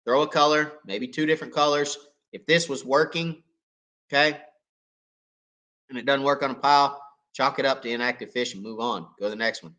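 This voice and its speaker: A man hosting a live fishing Q&A, hoarse and coughing as he loses his voice, talking in a folksy, chatty way and checking in with viewers. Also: medium pitch, fairly quick, pauses often, pushed and bright. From East Tennessee. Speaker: fishing channel host. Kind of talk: live Q&A chat.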